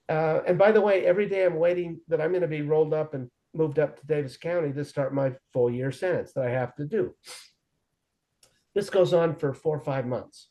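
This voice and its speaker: A man in his forties with a mellow, warm tone, telling his life story in an earnest, lively way. He slips into quoted dialogue as he recounts events for an interviewer. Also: on the high side, fairly quick. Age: 40s. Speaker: guest sharing his recovery story. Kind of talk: conversational storytelling.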